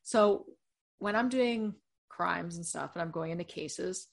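A woman guesting on a podcast who runs a true crime show, talking frankly and deadpan with casual swearing. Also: on the low side, unhurried, vocal fry.

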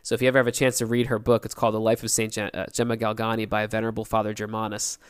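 A man's voice: fairly low pitch, monotone, very fast, clear, resonant tone. A young man co-hosting a podcast in casual chat, telling a story with energy and acting out the quotes. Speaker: podcast co-host.

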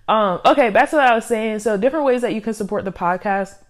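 A woman's voice: a little high, a little fast. A young woman hosting her own podcast, talking casually and a little out of breath, with lots of fillers and laughs. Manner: rambling, filler-heavy, laughs often. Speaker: podcast host. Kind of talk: casual solo podcast talk. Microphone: studio microphone.

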